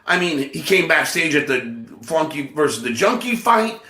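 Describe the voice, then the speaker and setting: A man's voice: a little high, moderate pace, echoey room. A man, a comedian hosting a podcast, telling a story in casual chat with lots of stammered restarts. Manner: animated, stammering, restarts a lot.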